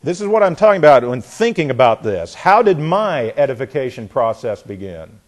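A man teaching from the Bible in a sermon, often repeating words as he searches and slowing down hard to stress key phrases. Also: mid-range voice, big pitch swings. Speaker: preacher.

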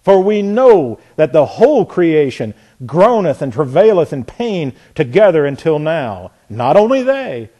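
A man preaching a sermon, questioning the congregation and reading scripture aloud, building from soft to emphatic. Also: on the high side, very animated, a little slow, hardly any pauses. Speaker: pastor.

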